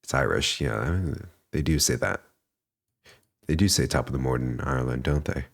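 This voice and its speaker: Deep-voiced man in profane gaming banter. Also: brisk, gravelly. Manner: blunt, profane, joking. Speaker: streamer. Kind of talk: casual let's-play commentary.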